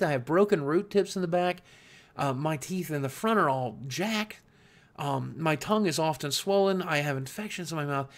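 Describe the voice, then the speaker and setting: A man from Southwest Virginia with a slight Southern US accent, talking candidly to camera as a YouTube creator in an earnest, reflective way, often restarting and repeating words. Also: fairly high pitch. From Southwest Virginia, USA. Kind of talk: candid talking-head monologue.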